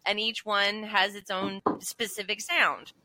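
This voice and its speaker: A woman co-hosting a podcast, agreeable and quick to chime in during casual chat. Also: medium pitch, little pitch movement, sharp tone, low-quality recording. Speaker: podcast co-host.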